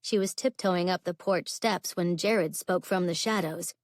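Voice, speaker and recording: A woman narrating a contemporary romance audiobook in a steady, even storytelling voice. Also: on the low side, a little slow, no echo, studio quality. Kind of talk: scripted narration.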